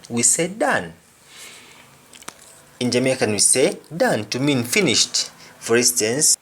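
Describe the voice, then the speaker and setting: Male language tutor, unhurried, repeats every example, mid-range voice. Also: mid-range voice, a bit bright, husky. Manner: slow, repeats each word and phrase. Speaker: language teacher. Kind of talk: explaining vocabulary with examples.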